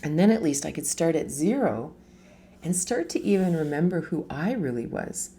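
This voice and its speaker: A woman's voice: low voice, expressive, moderate pace, mellow, slight background noise. A middle-aged woman giving a casual live talk as a spiritual teacher, chatty, laughing often and asking rhetorical questions.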